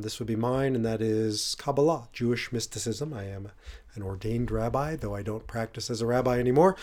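A middle-aged man hosts a reflective podcast, speaking loosely and conversationally with fillers and self-corrections while pressing hard on key words. His voice is mid-range with a darkish tone.

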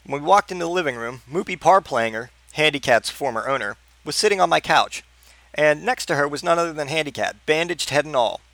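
A man reading a crude, absurd comedic story aloud in a deadpan voice, stumbling and restarting now and then. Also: on the high side, fairly quick, no room sound. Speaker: narrator.

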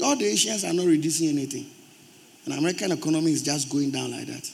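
A man with a Ghanaian accent preaching a sermon in church, forceful and emphatic, rising to loud outbursts. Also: fairly high pitch, fast, vocal fry. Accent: Ghanaian English. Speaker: pastor.

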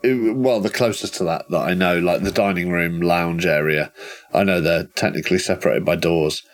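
A man playing a tabletop horror game, talking excitedly and ramblingly through his character's actions, with some swearing. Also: low-pitched, normal speed. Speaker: player.

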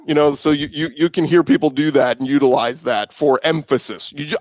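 A man's voice: medium pitch, expressive, fairly quick, few pauses, no room sound. Male sports radio guest, 30s, casual storyteller, mid-range voice, dead-dry podcast sound. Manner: conversational, loose, many fillers and restarts. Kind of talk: casual interview talk.

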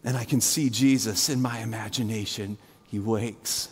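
A male pastor preaching a conversational sermon full of fillers, dropping to a hushed low voice and rising high again as he retells a scene. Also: fairly even intonation, brisk, husky, long reverb tail. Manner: conversational, imaginative storytelling with many fillers; swings between hushed low and raised high delivery.

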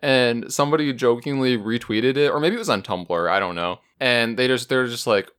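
A man's voice: medium pitch, moderate pace, hardly any pauses, a bit bright, clear, resonant tone. A man co-hosting a podcast who rambles through stories and reads out listener email. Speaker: podcast co-host. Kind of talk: casual chat, reading listener email.

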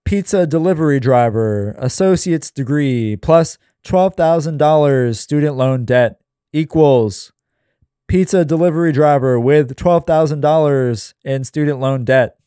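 A man reading his screenplay aloud in a deadpan, weary way with sarcastic asides. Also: a little high, measured pace, clear, resonant tone, no room sound, clean studio sound.

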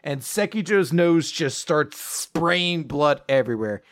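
Podcast co-host, male, playful recap delivery, high-ish and expressive. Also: takes it slowly. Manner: animated, laughing, acts out character lines. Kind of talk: casual anime recap chat.

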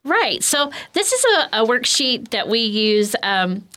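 Lady counselor just talking, relaxed, lots of ums and you knows. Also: fairly high pitch, takes it slowly. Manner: conversational, filler-heavy, with lots of "um" and "you know". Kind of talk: explanatory interview talk.

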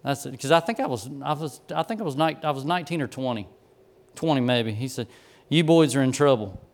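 A man's voice: mid-range voice, lively intonation, fast. A male pastor telling a folksy, self-deprecating story from the pulpit during a sermon.

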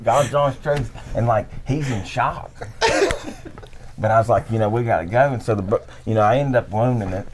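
A man telling hunting stories in a casual chat at camp, animated and laughing often. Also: mid-range voice, moderate pace, noisy background. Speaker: podcast guest. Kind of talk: casual storytelling. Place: camp room, at night.

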